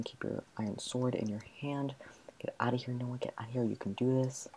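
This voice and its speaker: A man's voice: medium pitch, steady tone, brisk, mellow, a little hiss or hum. A man giving gameplay commentary, frantically talking to himself as he plays. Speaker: gamer.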